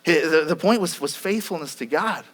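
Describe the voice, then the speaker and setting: A male pastor delivering a sermon, with a fairly high voice for a man. He retells scripture earnestly and often repeats or restarts his phrases. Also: lively intonation, moderate pace. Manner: earnest storytelling, frequent repetitions and restarts.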